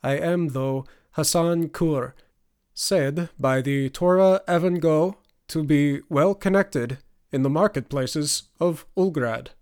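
A man voicing a wry male merchant guide with a measured, dry way of speaking. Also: on the high side, a little mellow, lightly acted. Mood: teasing.

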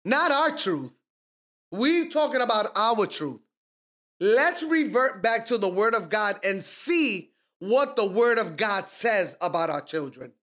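A man's voice: high voice, animated, unhurried, a bit bright. A middle-aged man co-hosting a faith podcast, talking emphatically in a preaching style and quoting scripture.

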